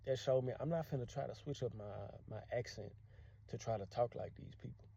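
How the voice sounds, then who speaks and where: Very dark-voiced man vlogging. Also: mid-range voice, brisk, vocal fry, slightly rough, lo-fi sound. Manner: earnest, encouraging storytelling. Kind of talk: casual talk to camera.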